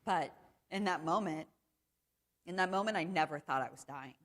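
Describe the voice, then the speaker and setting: A woman's voice: on the low side, moderate pace, a bit bright, big-room sound. A woman in her thirties speaking earnestly and reflectively in a conversational interview. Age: 30s. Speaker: interviewee, cancer survivor.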